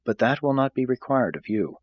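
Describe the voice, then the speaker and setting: A man reading a calm, tender male teacher. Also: mid-range voice, brisk, breathy edge, muffled recording, voice pushed up. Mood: tender earnest. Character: gentle, earnest male spiritual teacher. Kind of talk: audiobook reading.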